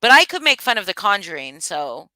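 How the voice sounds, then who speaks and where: A woman's voice: medium pitch, big pitch swings, fairly quick, sharp tone, no room sound. A woman hosting a casual live stream, rambling and thinking aloud as she answers viewers, often restarting her sentences. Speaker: livestream host.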